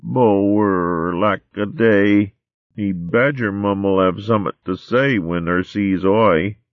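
A man doing a slow mole girl. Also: fairly low pitch, no echo, highs cut off, pitched above the performer's own voice. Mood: worried. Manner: slow, drawling rustic dialect. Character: small female mole babe, timid and rustic.

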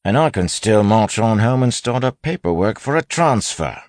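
A man doing a soft, threatening undercover lawman. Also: big pitch swings, normal speed, no echo. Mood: pressing. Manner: low, threatening and soft-spoken. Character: sly male lawman posing as a gang thug.

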